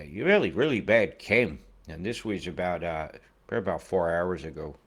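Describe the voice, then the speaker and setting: A man's voice: deep voice, a bit bright. A man giving casual weather commentary over satellite images, rambling, profane and conspiratorial.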